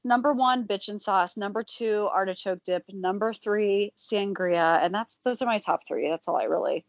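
Casual chatty woman co-host, excitable, dry close sound. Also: mid-range voice, normal speed, dry recording. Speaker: podcast co-host. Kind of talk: casual chat. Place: at home, remote.

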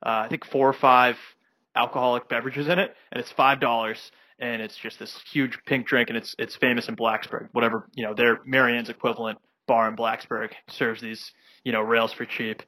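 A man's voice: mid-range voice, flat delivery, normal speed, sharp tone, no echo. A young man co-hosting a podcast, telling a rambling anecdote full of fillers in casual chat. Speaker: podcast co-host.

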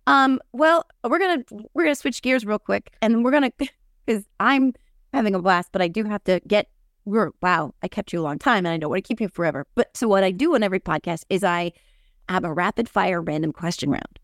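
A woman's voice: mid-range voice, fairly quick, no room sound, studio quality. A middle-aged woman hosting a podcast, chatting casually about politics, swearing and acting out quotes in big voices. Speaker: podcast host.

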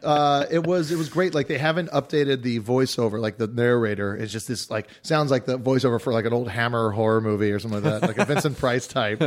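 Man, podcast host, casual chat, rambling stories, full of fillers, slightly hoarse. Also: medium pitch, quick pace, few pauses. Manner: rambling, filler-heavy storytelling. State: hoarse after a day of screaming.

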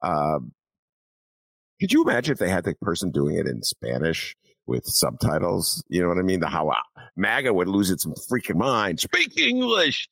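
A man's voice: deep voice, sing-song, moderate pace, gravelly, no room sound. A man hosting a political talk podcast, rambling with many fillers and mock voices. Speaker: podcast host.

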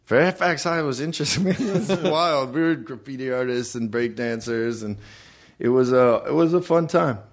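Man in his forties, podcast guest, halting speech, chuckles between restarts. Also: medium pitch. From United States. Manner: halting, restarts often, chuckles through answers. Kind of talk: casual podcast chat.

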